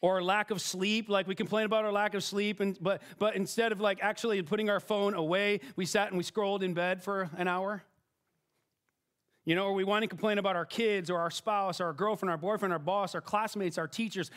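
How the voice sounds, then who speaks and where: A man's voice: high-pitched, steady tone, a little fast, a bit bright. A middle-aged man preaching a sermon as pastor, conversational and self-deprecating, often checking in with "right?" and restarting his sentences.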